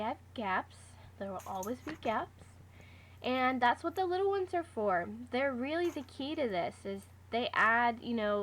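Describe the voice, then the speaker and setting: A woman talking casually through a do-it-yourself craft tutorial, giving step-by-step instructions with the odd "um". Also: on the high side. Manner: chatty, step-by-step instructions with fillers. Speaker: craft vlogger.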